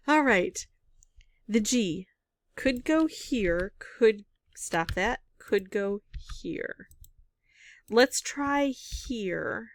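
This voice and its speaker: A woman's voice: medium pitch, lively intonation, takes it slowly, no echo, clean studio sound. A woman thinking aloud as she works through a word game, musing over guesses in casual commentary. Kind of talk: casual solo gameplay commentary.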